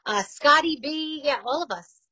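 A woman's voice: high voice, animated, moderate pace, sharp tone, no echo, rough recording. A woman in her forties with a New York accent, a radio host talking candidly and chattily in an interview, laughing easily. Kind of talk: casual interview chat.

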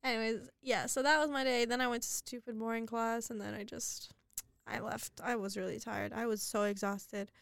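A woman's voice: a little high, moderate pace, vocal fry, clear, resonant tone, no echo. A young woman co-hosting a podcast, chatting casually and telling stories with frequent giggles. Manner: giggly, animated storytelling. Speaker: podcast co-host. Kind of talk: casual chat.

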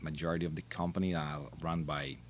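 A middle-aged man from Italy with an Italian accent, a non-native speaker telling stories as a guest in a casual interview, animated and laughing, with halting phrasing. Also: rumbling low, a little hiss or hum. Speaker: podcast guest, wine brand manager.

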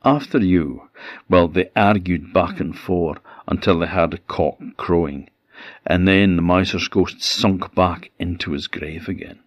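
Deep-voiced Orkney storyteller. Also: male voice, steady tone, measured pace, dry recording, lo-fi sound. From Orkney, Scotland. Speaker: traditional storyteller. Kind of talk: oral folk tale telling.

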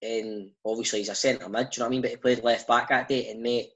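A Scottish man, a father, telling casual stories as a guest, animated and full of slang. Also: medium pitch, fast, low-quality recording. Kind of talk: casual storytelling chat.

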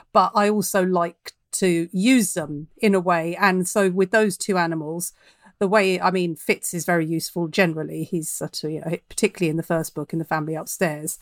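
A woman's voice: lowish voice, no room sound, clean studio sound. A woman author talking about her writing in a podcast interview, chatty and reflective, laughing easily. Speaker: author guest.

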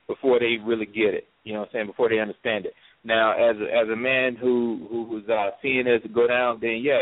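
A man's voice: on the low side, no room sound. Earnest man, thin dry sound. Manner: earnest, emphatic. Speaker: panelist. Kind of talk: casual radio talk. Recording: tinny dry phone-like sound.

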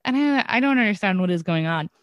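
Irish woman, young adult, comedian guest, animated storytelling, dry close sound. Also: medium pitch, quick pace, no echo, lo-fi sound. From Ireland. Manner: animated storytelling with frequent restarts and laughs. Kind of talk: casual podcast chat.

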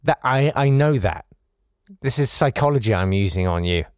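A man's voice: mid-range voice, animated, moderate pace, clear, resonant tone, no echo, clean studio sound. A man hosting a podcast, reading out listener messages with wry, sarcastic asides and mock exasperation. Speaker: podcast host.

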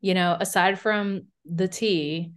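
A woman's voice: on the low side, fairly even intonation, slow pace, clear, resonant tone. Playful woman podcast co-host, laughing often. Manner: playful, laughs often, jokes in a mock alien voice. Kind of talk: casual chat.

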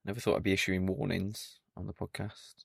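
A man's voice: deep voice, flat delivery, a little fast, vocal fry, husky, dry recording. A man hosting a solo podcast, talking in a dry, mock-stern and pedantic way. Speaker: podcast host.

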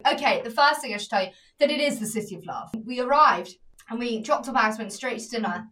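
A young English woman chats as a podcast co-host, her voice high and swooping all over the place. She tells stories in a giggly, lively way and slips into put-on voices. She sits a little back from the mic. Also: fast, distant mic. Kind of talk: casual chat.

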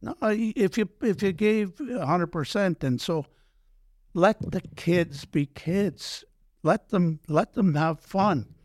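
An older man, a former pro hockey player telling animated stories in an interview, acting out quoted dialogue and often restarting his sentences. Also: high-pitched, takes it slowly, dry recording, clean studio sound. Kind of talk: storytelling in a podcast interview.

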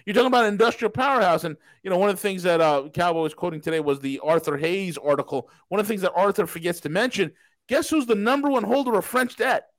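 Man, high-pitched, emphatic, rhetorical questions, swearing, podcast commentary, dry close sound. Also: fast talker, no room sound, rough recording. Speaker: podcast host. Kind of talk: casual markets commentary.

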